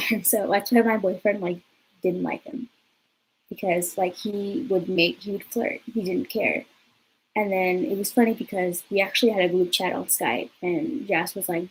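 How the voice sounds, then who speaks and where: A young woman in her twenties spins a casual storytime for her viewers at a middle pitch. She talks in a loose, chatty way and fills her sentences with "like". A faint hiss sits under her voice. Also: normal speed, poor audio. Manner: chatty, peppered with "like", lively retelling. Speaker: vlogger.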